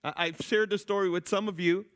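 A man preaching a sermon, telling a story with lively voices for the people in it and often checking in with his listeners. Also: high-pitched, fairly quick. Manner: animated storytelling, acting out quoted people.

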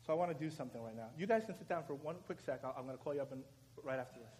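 A man preaching at a prayer meeting, giving directions and leading the crowd in a chant that he drives louder with shouted commands. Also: mid-range voice, lively intonation, racing. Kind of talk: sermon and call-and-response chant leading. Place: church or prayer meeting hall. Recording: live room with crowd and background noise.

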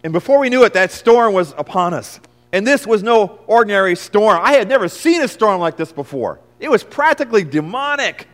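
A man's voice: high voice, lively intonation, fairly quick. A preacher as an earnest fisherman disciple. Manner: storytelling, swinging between hushed and loud. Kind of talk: first-person dramatic sermon monologue. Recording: long reverb of a large hall.

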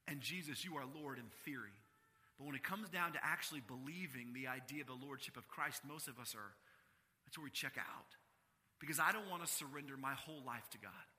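Guy preaching a sermon, bright cutting voice, swings loud then quiet, long hall echo. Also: expressive, fairly quick. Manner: emphatic, rising to loud stressed phrases then dropping low and quiet. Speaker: pastor.

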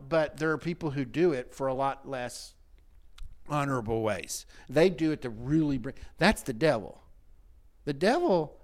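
Lively, animated male counselor. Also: fairly high pitch. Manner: animated, laughs often, repeats words when starting sentences. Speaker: counselor and host. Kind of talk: conversational talk show discussion.

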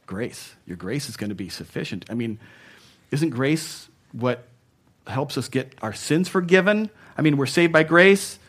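A man delivering a sermon in an easy, conversational manner. He chuckles at his own side remarks and moves between punchy, louder emphasis and soft, hushed passages. His voice sits in an ordinary middle pitch for a man. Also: expressive, measured pace. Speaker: pastor.

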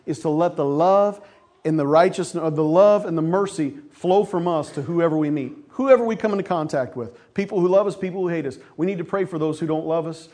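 A man's voice: on the high side, a little fast, a little mellow. A man preaching a sermon to his church, folksy, calling the congregation folks and asking for amens. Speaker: pastor.

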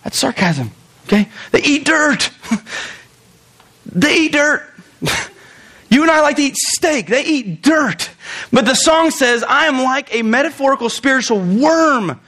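A young pastor delivers a sermon in a high-pitched voice, swinging between loud, quick bursts and slow, drawn-out stretches. He's animated, throws in joking asides, and speaks straight to the congregation.

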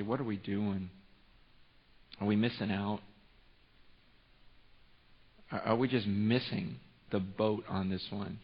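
A male pastor preaching a sermon in a church, telling a story with animated, rising excitement and frequent restarts. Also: lowish voice. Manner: repeats and restarts words often. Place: church sanctuary. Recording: muffled sound with long hall reverb.

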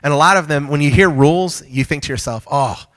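Energetic man preaching a sermon. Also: a little high, fast. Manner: joking with the congregation, energetic and conversational. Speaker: pastor.

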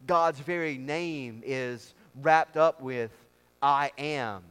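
A man's voice: medium pitch, very slow, a bit bright, smooth. A man preaching a sermon as pastor, with an emphatic, repetitive cadence. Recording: long reverb of a large hall.

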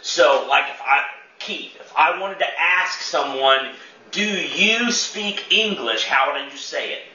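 Quizzing the room and repeating words as he thinks, a man runs an interactive church teaching session in a conversational way. He speaks a little slowly in a sharp, medium-pitched voice, recorded from a distance in an echoey, dull-sounding room.

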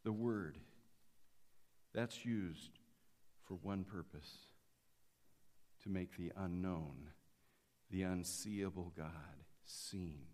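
A man, a pastor, preaching a sermon that moves from quiet passages to emphatic ones. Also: low-pitched, extremely slow, long pauses. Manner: dynamic, swinging from quiet to emphatic. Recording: long church reverb.

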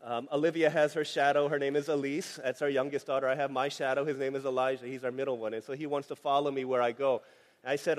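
A man preaching a sermon in a relaxed, conversational way, telling a family story with many fillers. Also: on the high side, fast talker. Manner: conversational, anecdotal, frequent fillers. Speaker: pastor. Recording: long hall reverb.

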